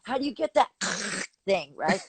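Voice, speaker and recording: A woman's voice: medium pitch, big pitch swings, measured pace. An older woman from Texas, a vocal coach, chatting animatedly in an interview and laughing often as she explains technique. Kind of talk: casual interview chat.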